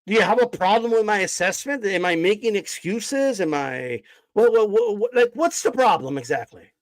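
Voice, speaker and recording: A man's voice: high voice, expressive, normal speed, dry recording, rough recording. A man ranting on a live stream, cursing and confronting his chat in a mocking, combative way. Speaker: boxing streamer. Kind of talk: heated live-stream rant.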